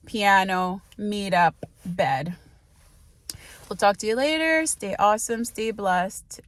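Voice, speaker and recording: A woman's voice: medium pitch, no room sound. A woman in her late twenties talking casually in a vlog, rambling with lots of fillers and laughs. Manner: munching while talking. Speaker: vlogger.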